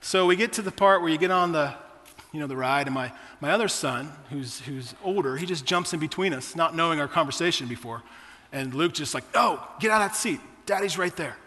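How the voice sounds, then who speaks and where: A man's voice: a little high, a little fast, hardly any pauses, sharp tone, big-room sound. A man in his forties preaching a sermon, telling personal stories in a conversational way to his church. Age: 40s. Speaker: pastor.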